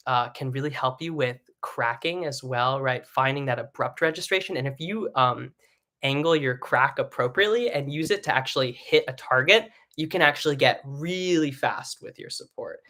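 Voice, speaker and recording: A man teaching a live online singing lesson, talking in a relaxed, chatty way and often asking "right?", and breaking into short sung vowels that leap up into a high head voice.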